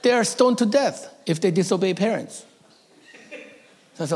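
A man's voice: a little high, moderate pace, gravelly, long pauses, darkish tone. A middle-aged man, a pastor, telling a personal story in a sermon, emotional and at times dropping to a whisper.

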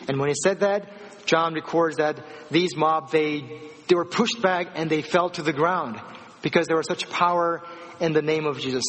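A man preaching a sermon, retelling scripture with animated voices for the people in the story. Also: fairly high pitch, moderate pace, big-room sound. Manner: animated storytelling, acting out dialogue.

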